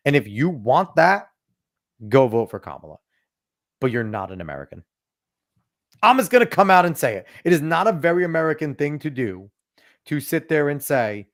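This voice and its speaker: A man's voice: on the high side, sing-song, normal speed, pauses often, no echo, studio quality. A man hosting a podcast, ranting emphatically and swearing freely in casual political chat. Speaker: podcast host.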